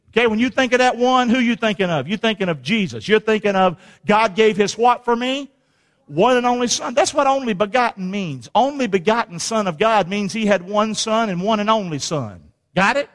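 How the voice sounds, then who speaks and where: A man's voice: high voice, lively intonation, fairly quick, a bit bright. A man preaching a sermon, emphatic and repetitive, calling on the congregation to repeat after him. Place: church sanctuary. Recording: long hall reverb.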